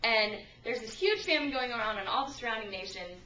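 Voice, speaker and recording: A young woman delivers a casual sermon, retelling stories in a chatty, lively way and slipping into the voices of the people she quotes. Her voice is bright and sits a little high. It was caught by a camcorder some distance away, in a room with strong echo. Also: brisk, lo-fi sound. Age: young adult. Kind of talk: informal sermon with storytelling. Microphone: handheld camcorder at a distance. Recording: echoey room from a far camcorder.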